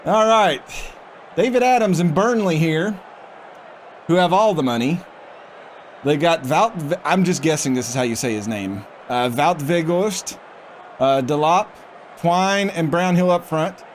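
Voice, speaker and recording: With slight background noise, a man whose voice sits on the high side speaks at a measured pace with lively intonation. He provides casual commentary on a football management game, reading prompts aloud as he reacts.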